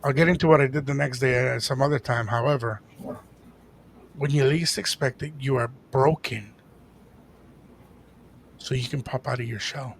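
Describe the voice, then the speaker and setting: A man co-hosting a podcast, telling a story in a casual, animated way and dropping into Spanish now and then. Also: mid-range voice, moderate pace, pauses often, slight background noise. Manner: animated, jumps into impressions, code-switches into Spanish. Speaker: podcast co-host and DJ.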